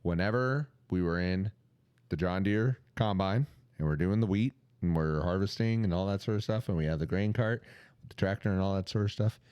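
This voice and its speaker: A man's voice: normal speed, clean tone, no room sound, lo-fi sound. A man co-hosting a podcast in casual chat, telling stories and acting out quotes in a raised voice. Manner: animated storyteller, acts out quotes in a high voice. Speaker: podcast co-host.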